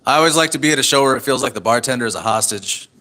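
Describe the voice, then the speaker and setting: A man doing a stand-up set with rapid, wry crowd work. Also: mid-range voice, background noise. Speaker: stand-up comedian.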